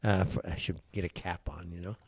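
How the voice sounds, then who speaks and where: A man's voice: low voice, fairly even intonation, brisk, breathy edge, dry recording. A man hosting a live political talk show, ranting in an opinionated way and firing off rhetorical questions. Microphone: wears headphones while speaking.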